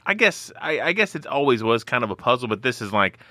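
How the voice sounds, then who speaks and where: A man's voice: mid-range voice, big pitch swings, fast, pushed and bright, no room sound, studio quality. A man co-hosting a podcast, explaining things in an easygoing way with fillers. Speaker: podcast co-host. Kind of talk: casual chat.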